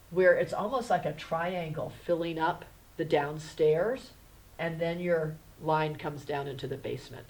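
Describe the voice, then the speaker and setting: A woman teaching a kindergarten handwriting lesson. She is patient and gentle and spells words out letter by letter. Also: sits low, low-quality recording. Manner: gentle, instructive.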